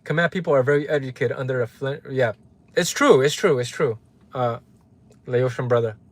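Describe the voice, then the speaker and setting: With a mid-range voice at normal speed and no echo, a Los Angeles man runs a live stream. He rants at his chat heatedly and profanely, names viewers aloud, and uses a repeated "right?" for emphasis.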